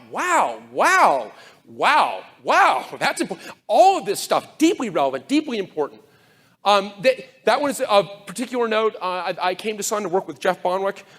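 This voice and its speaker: A man giving a conference talk to a live audience, sardonic and animated, full of fast asides and mock quotes. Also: high voice. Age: older. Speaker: conference speaker.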